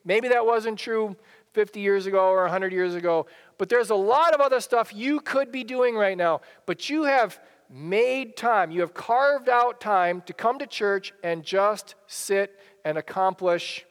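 A man's voice: sits high, a little slow, a bit bright, smooth, in a large hall. A male pastor giving a sermon in a conversational way, often repeating and restarting his phrases. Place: church sanctuary.

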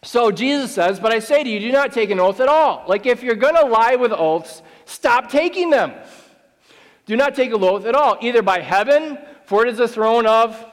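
Brief: male pastor with a high voice, emphatic and conversational sermon delivery, long hall reverb. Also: lively intonation, normal speed. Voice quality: emphatic and conversational, with wry asides.

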